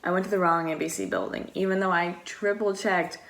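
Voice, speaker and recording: A woman's voice: fairly low pitch, steady tone, a little fast, a bit bright. A young woman from the United States telling a long story in a casual, rambling vlog style, with lots of "like" and acted-out quotes. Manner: rambling and chatty, heavy use of "like"; acts out quoted exchanges. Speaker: vlogger.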